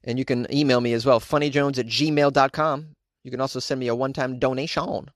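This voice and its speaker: A man's voice: medium pitch, brisk, creaky, no echo, clean studio sound. Rambling joking man hosting a podcast. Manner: joking, laughs often, rambling with restarts. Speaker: podcast host. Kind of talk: casual podcast monologue.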